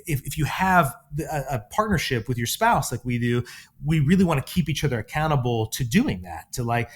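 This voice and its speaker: A middle-aged man co-hosting a parenting podcast as a counselor, telling stories in a relaxed conversational way and acting out the quotes in them. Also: medium pitch, brisk, slightly rough. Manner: animated, acts out quotes in his stories. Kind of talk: conversational storytelling.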